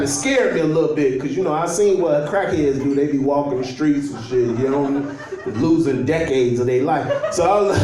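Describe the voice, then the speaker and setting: A young man from Chicago tells a rambling stand-up story, chuckling along with his own punchlines. His voice sits high, and the club sound is very echoey, heard from a distance with the audience laughing. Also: darkish tone. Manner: loose, storytelling, trash-talking, laughs at his own jokes. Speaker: stand-up comedian. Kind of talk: stand-up comedy set. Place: comedy club stage at a holiday party. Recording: echoey club audio from far off.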